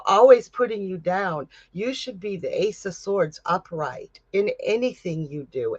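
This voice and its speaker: A middle-aged woman hosts a live-stream psychic reading, chatty and heartfelt, laughing often. She speaks slowly and takes her time. The stream audio is dry and dull, like a lo-fi recording. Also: medium pitch, breathy edge, no echo. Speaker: psychic medium host.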